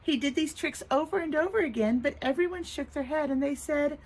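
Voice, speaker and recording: Sing-song teacher reading to little kids. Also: female voice, high voice, brisk, rough recording. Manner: expressive, sing-song storytelling. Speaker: preschool teacher. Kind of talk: reading a picture book aloud to young children. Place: outdoors in the rain near a road. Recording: traffic noise from passing trucks.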